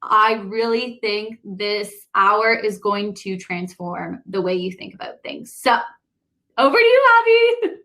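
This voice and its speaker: A woman's voice: mid-range voice, flat delivery, takes it slowly, few pauses, pushed and bright. A woman co-hosting a webinar, enthusiastically introducing the guest in a chatty way. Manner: bubbly, enthusiastic, says "like" and "guys". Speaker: co-host introducing the speaker. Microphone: online video call.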